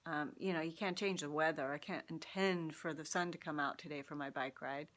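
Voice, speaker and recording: A woman with a bright, clear voice talks straight to her viewers. She tells a story in a casual, lively way and laughs often. Her tone is friendly and open, like a personal vlog. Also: deep voice, a little fast. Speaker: vlogger sharing personal insights. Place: Seattle.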